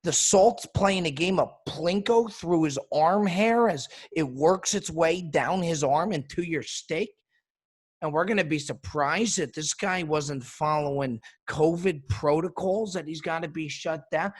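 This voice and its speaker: A man's voice: on the high side, unhurried, husky. A man hosting a comedy podcast, delivering an exasperated, indignant rant.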